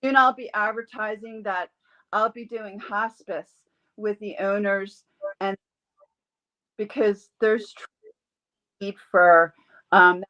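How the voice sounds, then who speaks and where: A woman guest in a casual interview, an animal communicator and Reiki healer telling lively stories and acting out the voices she quotes. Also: mid-range voice, takes it slowly, long pauses, dull audio. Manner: animated storyteller who acts out quoted voices.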